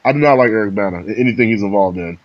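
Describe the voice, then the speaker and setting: A man's voice: on the low side, rapid-fire. Blunt man on dull lo-fi audio. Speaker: podcast co-host. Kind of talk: casual chat.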